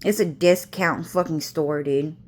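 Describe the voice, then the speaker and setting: A woman's voice: sits low, steady tone, measured pace, a little mellow. A woman vlogging from home, ranting to camera in a rambling, agitated way with constant swearing and repetition.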